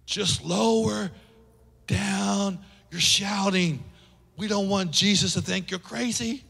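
A man voicing a prim male dignitary who pleads in a hushed, urgent way, with long church reverb. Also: high voice, slow, creaky, husky, heavily acted. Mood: hushing. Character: hushing male town dignitary, prim and fussy.

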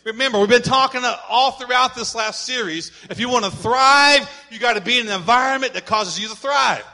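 A man with a high, bright voice preaches a sermon. He presses his points hard, rising to shouts, and drops in playful asides along the way. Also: brisk, big-room sound. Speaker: pastor.

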